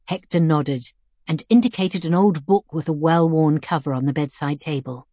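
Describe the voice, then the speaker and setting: A woman narrating a first-person story in a measured, reflective way. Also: deep voice, mellow, dry recording, clean studio sound.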